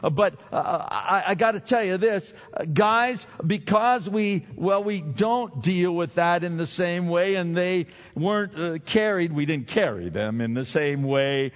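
A man's voice: high voice, expressive, measured pace, hardly any pauses. An older man preaching a sermon as pastor, chatty and self-deprecating, often repeating his words. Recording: dull sound with long hall reverb.

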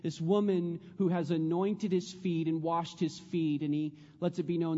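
Earnest preacher man, mellow and high. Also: level tone, normal speed, hardly any pauses, long reverb tail, muffled recording. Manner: earnest, repeats phrases, drops to a hush on prayers. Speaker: pastor. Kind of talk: sermon.

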